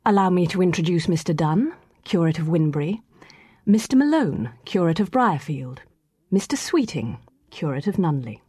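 A woman narrating a classic novel aloud in a measured, storytelling manner. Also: lowish voice, big pitch swings, dark tone, breathy edge, dry recording, studio quality. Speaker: audiobook narrator. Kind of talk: scripted reading of a classic novel.

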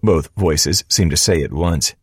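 A man narrating a first-person audiobook in a steady, measured way. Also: extremely low pitch, slightly rough, no room sound, studio quality.

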